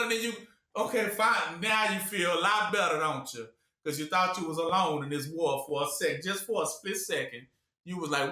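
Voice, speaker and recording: A man's voice: on the high side, unhurried, sharp tone. A man preaching a call-and-response sermon, asking the room to finish his sentences and acting out voices. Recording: echoey room.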